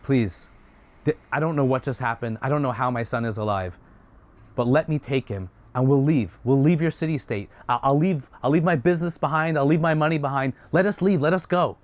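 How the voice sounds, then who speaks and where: A man's voice: mid-range voice, a little fast, no echo, close to an everyday voice. A man voicing an anxious older father. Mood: pleading. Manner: pleading, then solemn.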